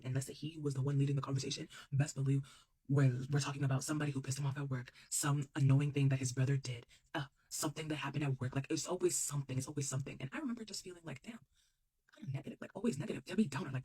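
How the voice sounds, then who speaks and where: A woman's voice: low voice, a little mellow, husky, poor audio. A woman telling a story about her own life in a casual monologue, emphatic and blunt, repeating her punchlines and swearing freely.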